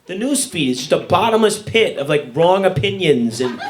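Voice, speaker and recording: A man performing a stand-up set on stage, ranting in a deadpan way and slipping into put-on voices. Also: high voice, normal speed. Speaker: stand-up comedian. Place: comedy club stage with laughing audience. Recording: live room with crowd laughter.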